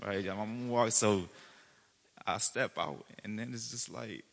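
A young man giving a church testimony, an animated storyteller who acts out his own excitement. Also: on the low side, normal speed, big-room sound.

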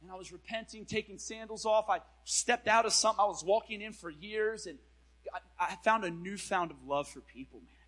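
A man preaching a storytelling sermon in a casual, slangy way, swinging between loud bursts and hushed asides. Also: sits high, fairly quick, poor audio.

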